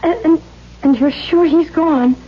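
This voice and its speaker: An actress playing a fragile, childlike younger sister, anxious and breathless, in a 1970s radio drama. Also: female voice, sits high, unhurried. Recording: dull 1970s radio broadcast.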